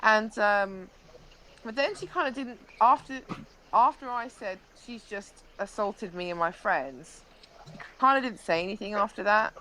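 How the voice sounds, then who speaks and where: A woman's voice: medium pitch, a little slow, sharp tone, a little hiss or hum, rough recording. A young woman, a live-stream interview guest, animatedly recounting an incident with frequent restarts.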